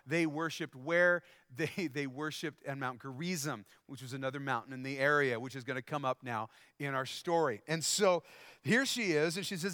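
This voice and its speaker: A man's voice: on the high side, moderate pace, sharp tone, dry recording, studio quality. A man preaching a sermon in a conversational way, often asking the congregation questions. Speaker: pastor.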